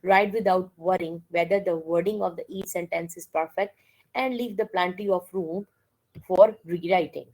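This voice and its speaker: A woman's voice: fairly low pitch, moderate pace, darkish tone, poor audio. A woman giving a classroom lecture, mixing languages and often checking with "okay?". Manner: code-switches and keeps checking with "okay?".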